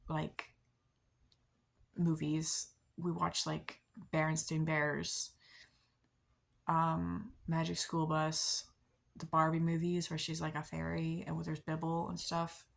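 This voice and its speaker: A young woman chatting casually to her camera, rambling with many fillers and soft laughs at herself. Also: low voice, vocal fry. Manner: rambling, many likes and ums, soft self-deprecating laughs. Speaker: vlogger. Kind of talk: casual confessional chat to camera.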